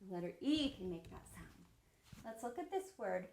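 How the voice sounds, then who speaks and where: A woman teaching young children, slow and sing-song, encouraging them as she spells words letter by letter. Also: medium pitch, sing-song, darkish tone, a little hiss or hum. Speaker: preschool teacher. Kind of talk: early-literacy lesson for young children. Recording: roomy echo.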